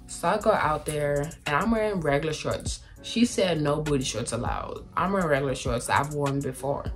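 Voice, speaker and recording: A young woman tells a personal story in candid, profane casual talk, acting out other people's lines and quoting them in raised voices. She speaks at a moderate pace in a low voice. Music plays loudly behind her.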